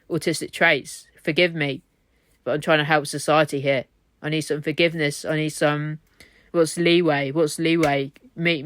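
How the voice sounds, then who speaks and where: A man's voice: on the high side, fairly bright tone, no echo, clean studio sound. A man in a hotel room, rambling on in an exhausted, repetitive monologue laced with swearing. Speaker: vlogger. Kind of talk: rambling self-recorded monologue.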